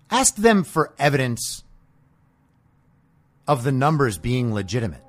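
Male podcast host, sarcastic profane rant, lively swinging pitch, somewhat high voice. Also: takes it slowly, pauses often. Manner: combative, sarcastic, profane ranting. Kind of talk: political commentary monologue.

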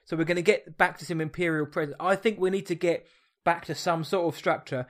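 Casting: male co-host, eager casual reviewer, a touch higher pitched. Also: steady tone, brisk. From Essex, England. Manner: enthusiastic, reviewing an episode. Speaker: podcast co-host. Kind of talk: casual chat.

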